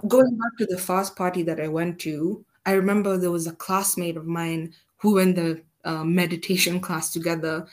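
A young adult woman from Kenya, a podcast guest telling personal stories in a lively, self-deprecating way. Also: lowish voice, normal speed. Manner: animated, self-deprecating, acts out quotes. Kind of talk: casual conversational storytelling.

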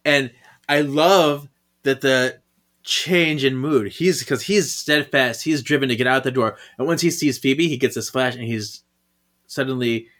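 A man's voice: mid-range voice, unhurried, a bit bright. A man co-hosting a podcast, chatting casually about a comic, musing and laughing often. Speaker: podcast co-host. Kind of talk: casual comic read-along recap.

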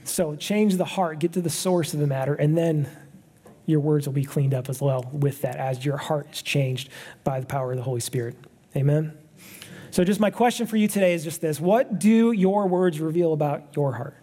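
A man delivers a sermon with an earnest, talk-it-through manner, as if chatting with his congregation. His voice sits slightly high but sounds mellow and relaxed rather than bright. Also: normal speed. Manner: earnest, conversational preaching with frequent "right?" asides. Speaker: pastor.

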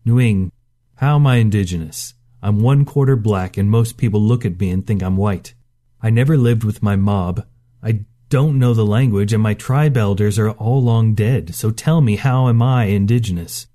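A man voicing a gruff, stubborn ex-fighter. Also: on the low side, normal speed, dark tone, lightly acted. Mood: bitter.

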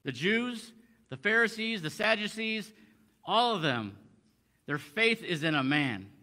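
A preacher teaches a Bible passage in a conversational sermon, reading verses aloud in old English and explaining them with frequent restarts. His high voice is sing-song, unhurried, pushed and bright.

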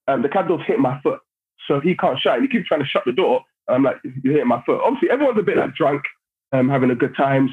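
A man telling a story on a podcast in a casual, animated way. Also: mid-range voice, breathy edge. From London, England. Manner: animated, acts out other people's lines while telling stories. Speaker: podcast guest. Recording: phone-like narrow sound.

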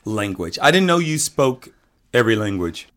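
A man co-hosting a comedy podcast, delivering absurd jokes deadpan. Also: lowish voice, moderate pace. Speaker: co-host.

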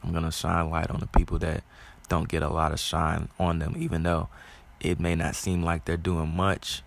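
A man's voice: low-pitched, flat delivery, normal speed, vocal fry. A man hosting his own show, talking in a loose, rambling way with many fillers and restarts. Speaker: podcast host. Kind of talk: casual monologue.

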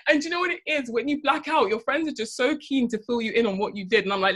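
Young woman, twenties, casual chat, bright voice, laughs a lot. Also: high voice, fast talker, hardly any pauses. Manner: laughing, animated storytelling.

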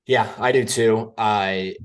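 A man co-hosting a sports podcast, talking excitedly and often breaking off and restarting his sentences. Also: fairly low pitch, slow pace, smooth. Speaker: co-host. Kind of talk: casual sports podcast chat.

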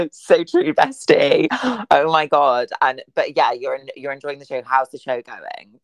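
A young man with a husky voice hosts a podcast over a video call. He teases his guest in a camp, playful manner, and the sound is close and dry. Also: mid-range voice, steady tone, normal speed, a bit bright, no echo, rough recording. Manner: camp, teasing banter. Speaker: podcast host. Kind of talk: casual chat.

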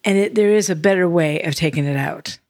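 Older woman, low and dry. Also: brisk, a little mellow, no echo. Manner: chatty and self-deprecating. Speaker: podcast co-host. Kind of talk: casual chat.

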